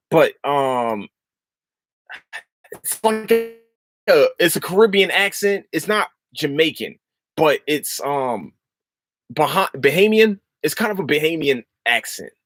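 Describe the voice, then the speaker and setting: A man's voice: on the high side, dry recording. A man hosting a podcast, chatting casually and rambling, swearing often and restarting his sentences. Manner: animated, profane, rambling with restarts. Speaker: podcast host.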